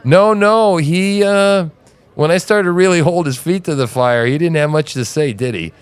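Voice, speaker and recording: A man's voice: fairly high pitch, moderate pace, clear, resonant tone. A man co-hosting a podcast, telling a story in casual, profane chat, often laughing and mimicking voices. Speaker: podcast co-host.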